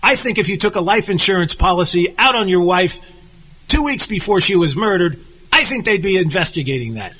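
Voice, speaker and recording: In a casual political chat podcast, an American male co-host tells animated stories and performs the lines he quotes. He speaks fairly quickly in a high voice with a breathy edge, and the audio is poor.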